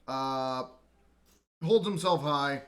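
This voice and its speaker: A man running a tabletop game as game master, narrating in a relaxed way and checking his notes. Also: mid-range voice, drawn-out words.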